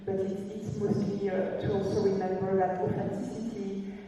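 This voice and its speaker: Woman director fielding questions in a big hall; warm, rambling, laughs easily; distant, reverberant mic. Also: mid-range voice, little pitch movement, moderate pace. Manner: chatty, laughing, many fillers and restarts. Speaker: film director and producer. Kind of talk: festival Q&A answers. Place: large theater. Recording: echoey hall from far off, faint noise.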